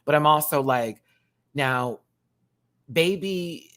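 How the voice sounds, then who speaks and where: A man's voice: fairly high pitch, slow, a bit bright. A man who performs in drag, giving a sassy, slangy rant reviewing a reality show and thanking his viewers. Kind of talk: casual reaction rant.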